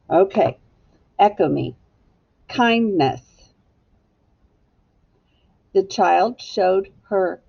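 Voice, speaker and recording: Casting: woman teacher, husky and a bit low, patient, lo-fi recording. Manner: slow, clear, patient teacher talk. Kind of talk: phonics lesson for children.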